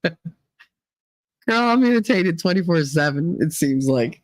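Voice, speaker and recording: A woman's voice: fairly low pitch, animated, unhurried, dry recording, poor audio. A middle-aged woman hosting a casual livestream, chatting with viewers by name and swearing freely. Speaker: livestream host reading chat. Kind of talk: casual chat.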